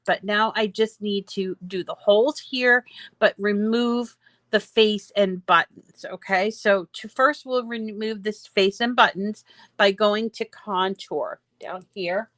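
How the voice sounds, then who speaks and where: Female craft tutor, slow and chatty, dry close mic, talks viewers through each step. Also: medium pitch, a bit bright, no echo. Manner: chatty, explains step by step with fillers. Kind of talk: screen-share craft tutorial.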